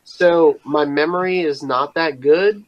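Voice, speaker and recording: A man's voice: a little high, fairly even intonation, measured pace. A man co-hosting a podcast in casual chat, rambling, self-deprecating and trailing off mid-thought. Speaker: podcast co-host. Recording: dull, dry lo-fi mic.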